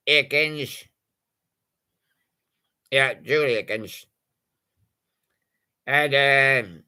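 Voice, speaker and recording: Slow, gravelly man with a bright voice. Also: medium pitch. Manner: punning, playful, sings snatches of song. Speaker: radio presenter. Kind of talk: jokey oldies radio patter.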